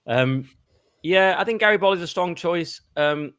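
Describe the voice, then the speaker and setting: A man's voice: sits high, animated, measured pace, a bit bright, smooth, dry recording. A man in a casual chat over a video call, rambling and reminiscing. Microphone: remote video call.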